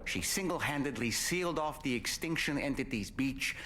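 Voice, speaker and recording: Game character; probing, expressive delivery over faint ambient sound. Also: male voice, mid-range voice, moderate pace, slight background noise. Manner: probing, recounting events. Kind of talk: video game dialogue.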